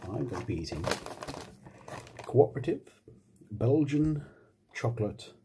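A man's voice: medium pitch, animated, a little slow, dark tone, husky. Wry, self-mocking man eating on mic. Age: adult, married. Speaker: ASMR channel host. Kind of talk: casual mukbang ASMR chat. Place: home with washing machine and computer running. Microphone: phone.

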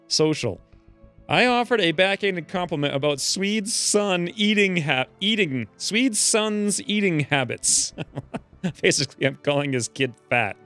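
A man giving casual, joking commentary over a game, now and then ranting in character as his angry dwarf. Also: on the high side. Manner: joking, animated, voices his dwarf's rants. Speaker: let's play host.

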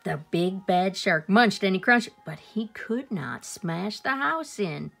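A woman reading a children's picture book aloud, expressive, with small asides to her listeners. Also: mid-range voice, takes it slowly, vocal fry, soft background music. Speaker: storyteller.

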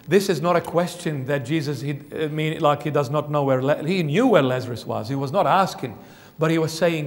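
A man preaching a sermon in a church, emphatic, swinging between fervent outbursts and quiet low passages. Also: normal speed, big-room sound. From Australia. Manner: emphatic, rising to fervent peaks then dropping low. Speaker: bishop preaching.

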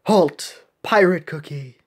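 A woman's voice: low voice, takes it slowly, slightly rough, exaggerated voice. A woman voicing a stern, proud cookie navy captain who gives dry, commanding orders while she reads game cutscenes. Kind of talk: reading game cutscenes aloud.

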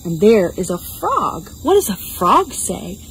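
A woman reads a picture book aloud to toddlers, her pitch leaping around in a bouncy sing-song. She talks slowly and patiently, coaxing the little ones and making animal noises as she goes. Faint insect chirps hum in the open air behind her. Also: very animated, low-quality recording. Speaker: children's librarian. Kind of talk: toddler storytime reading. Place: outdoors.

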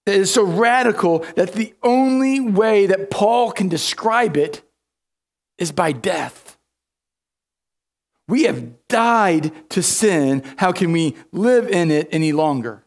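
A man's voice: high-pitched, expressive, slow pace. A man preaching a sermon in a church, emphatic, often repeating words and restarting. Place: church sanctuary.

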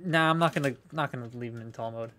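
A man's voice: medium pitch, fast talker, bright, forceful tone. A young man chatting casually on a live stream while unboxing collectible toys, rambling, swearing freely and answering viewer comments.

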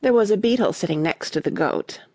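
A woman reading a classic storybook aloud as an audiobook narrator, expressive and animated. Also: medium pitch, a little fast, breathy edge, no echo, clean studio sound.

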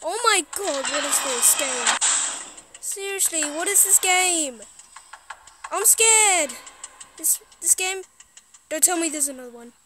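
High-voiced, jittery woman gamer. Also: lively intonation, slow pace, long pauses, background noise. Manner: jittery, exclaiming, talking to herself. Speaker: gaming streamer. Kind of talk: horror game let's play.

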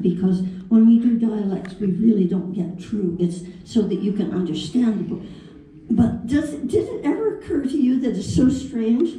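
An older woman tells chatty, fond stories as a panel guest, her voice mellow and a little high. She sounds distant from the mic, with a big echoey convention hall around her. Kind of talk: storytelling anecdotes.

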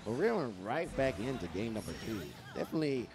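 A man giving playful, excitable live commentary on a fighting game match, acting out the players' thoughts. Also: medium pitch, fast talker, music in the background.

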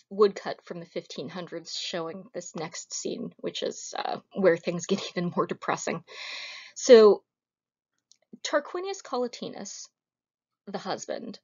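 A woman giving a recorded history lecture in a casual, conversational way, with wry asides. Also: mid-range voice. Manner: informal, wry asides, retells scenes with acted quotes. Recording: slightly dull lo-fi audio.

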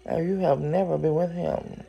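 A woman reading the lines of a condescending young restaurant hostess in a storybook reading, in a low, gravelly voice. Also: fairly even intonation, normal speed, highs cut off, heavily acted. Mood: snooty. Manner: haughty, looking down on the listener.

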